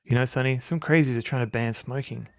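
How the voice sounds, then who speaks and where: A man's voice: medium pitch, steady tone, brisk, dry recording, studio quality, close to an everyday voice. A man voicing a wisecracking, smoking male police partner in a game, reading the lines in a near-plain voice. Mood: teasing.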